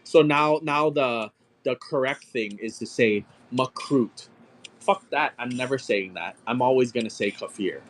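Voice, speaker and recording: A man's voice: medium pitch, measured pace. A man in his thirties chatting casually while selling on a live stream, telling a story with lots of swearing and calling out sale numbers. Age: 30s. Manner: profane, animated storyteller, calls out sale numbers. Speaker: live-stream auction seller.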